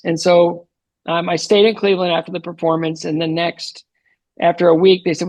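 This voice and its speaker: Earnest man telling his story, gravelly. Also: high voice, moderate pace, no echo. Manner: earnest, animated retelling with frequent fillers. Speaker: podcast guest. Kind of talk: storytelling interview answer.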